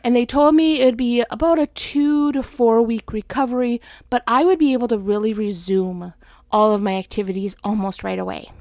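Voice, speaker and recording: A woman's voice: fairly high pitch, fairly even intonation, a little fast, darkish tone, no room sound, clean studio sound. A middle-aged woman hosting a personal faith podcast, talking candidly and with self-deprecating humor, worn out while recovering. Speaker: podcast host.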